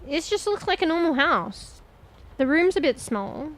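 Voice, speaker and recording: A woman with a fairly high voice talking her way through a game for her stream. She rambles and thinks out loud as she explores, talks straight to her viewers, and drops casual swears along the way. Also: very animated, unhurried, rough recording. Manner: chatty, addresses viewers directly. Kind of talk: casual gameplay commentary.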